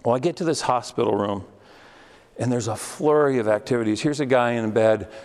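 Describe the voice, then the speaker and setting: A man's voice: medium pitch, fairly quick, a little mellow. Man preaching a testimony in a hall. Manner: storytelling, rising to fervent preaching. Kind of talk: testimony sermon.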